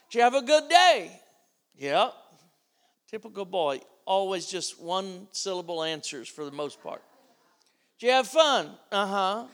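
A middle-aged preacher with a high, gravelly voice delivers his sermon as an animated storyteller. He acts out the back-and-forth of his story. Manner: animated storyteller, acting out dialogue.

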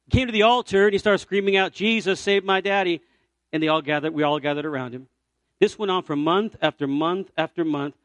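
A man from Puerto Rico preaches with a high, lifted voice, telling a story from the pulpit. He moves from loud, ringing cries to soft, hushed lines. The sound is close and dry, with no room around it. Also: fast, no room sound. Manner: animated storyteller, swings from loud cries to near-whispers. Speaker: evangelist preacher. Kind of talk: storytelling sermon.

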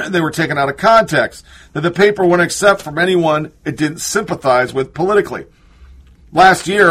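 A man's voice: fairly high pitch, a bit bright, slightly rough. A man reading news articles aloud and breaking off with sarcastic asides, sometimes drifting away from the mic. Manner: sarcastic asides, reads quotes then scoffs. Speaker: political commentator.

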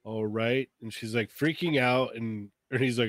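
A man's voice: medium pitch, fairly even intonation, normal speed, few pauses, fairly bright tone, dry recording. A man in casual conversation, jumping in to add his side of a shared story. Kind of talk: casual chat.

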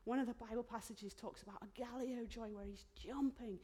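A woman preaching a sermon in a church, heartfelt and emotional, dropping into soft whispered asides. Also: on the high side, fairly even intonation, fairly quick, slightly rough.

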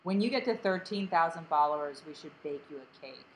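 A woman co-hosting a casual podcast, her voice sitting low and a little grating. She rambles through fillers and self-deprecating asides, and a faint hiss of noise runs under the recording. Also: animated, brisk, poor audio. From Delaware County, Pennsylvania. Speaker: podcast co-host.

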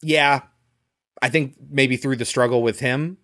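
A man co-hosts a podcast in a relaxed, chatty way, walking through a film's plot and its production trivia with plenty of filler words. His voice sits at a middling pitch. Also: unhurried. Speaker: podcast co-host. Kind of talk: casual chat, movie recap and trivia.

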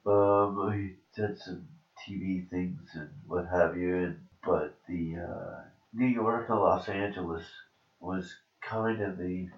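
A man in his forties from Canada talks in a rambling, joking way, often breaking off mid-sentence. His voice is very low. The recording is roomy and a little dull. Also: steady tone, slow. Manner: rambling, joking, self-interrupting. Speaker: comedian and podcast host. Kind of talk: casual chat during a massage.

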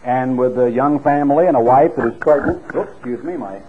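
A middle-aged man preaching a sermon with an earnest, storytelling delivery that climbs in pitch when he stresses a point. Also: brisk, a little hiss or hum. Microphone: clip-on microphone. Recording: tinny phone-like radio recording.

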